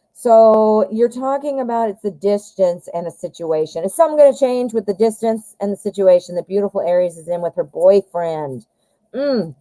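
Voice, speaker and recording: A woman's voice: medium pitch, mellow, no echo, rough recording. A woman giving a live-stream tarot reading, chatting directly to viewers with lots of fillers and friendly asides. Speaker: tarot reader.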